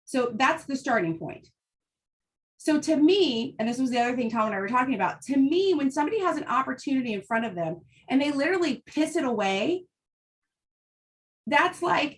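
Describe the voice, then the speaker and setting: A woman's voice: high voice, expressive, normal speed. A woman giving a fired-up, blunt motivational talk, often checking in with "right?" as she goes. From United States. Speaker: host.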